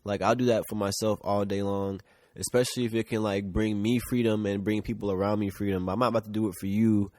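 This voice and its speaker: A man's voice: fairly low pitch, steady tone, fast talker, darkish tone, dry recording. A man co-hosting a podcast in loose casual chat, rambling with lots of "like" and the odd swear word. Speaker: podcast co-host. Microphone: shared mic.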